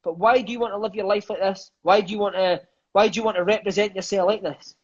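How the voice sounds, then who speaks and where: A man's voice: high-pitched, fairly even intonation, fast, slightly rough, muffled recording. A man voicing a stern, furious football manager who scolds in broken English, raising his voice well above his own. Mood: scolding.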